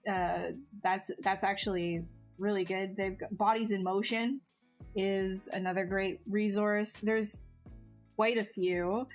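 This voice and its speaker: A woman's voice: medium pitch, fairly even intonation, slow pace, faint music behind. A woman chatting casually on a live stream while she sculpts, answering viewers in a self-mocking way that often trails off and restarts.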